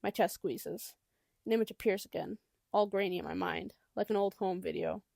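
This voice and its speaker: Gravelly-voiced woman narrating an audiobook. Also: mid-range voice, normal speed, darkish tone, no room sound, studio quality. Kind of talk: first-person audiobook narration.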